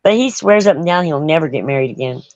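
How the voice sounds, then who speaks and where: A woman's voice: sits low, expressive, fast talker, darkish tone, dry recording. A middle-aged woman hosting a casual chat, folksy and blunt, laughing often. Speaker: host. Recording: dull lo-fi sound.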